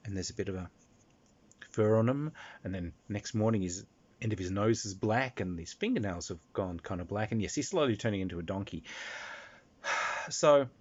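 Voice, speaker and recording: A man who is a game master, telling a rambling, animated anecdote about his tabletop game, often restarting and laughing. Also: on the low side, fairly quick. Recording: slightly dull lo-fi recording.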